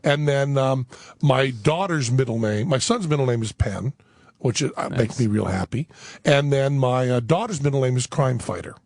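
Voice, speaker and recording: A middle-aged man with a gravelly, husky voice that sits a little high for a man, telling stories with lively acted-out quotes. The sound is dry and close to the mic. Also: moderate pace, dry recording. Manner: animated storyteller, acts out quotes. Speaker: guest. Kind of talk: casual talk radio chat.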